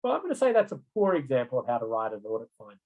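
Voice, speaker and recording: A man's voice: mid-range voice, huge pitch swings, very fast, narrow, tinny audio. A middle-aged man giving an online road safety training lecture, chatty, often checking in with "right?" and "okay?".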